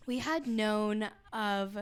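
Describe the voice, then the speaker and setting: A woman's voice: mid-range voice, creaky. A young American woman in her twenties, co-hosting a casual podcast chat with friends, rambling and chatty with lots of fillers. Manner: chatty, rambling, heavy use of "like". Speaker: podcast co-host.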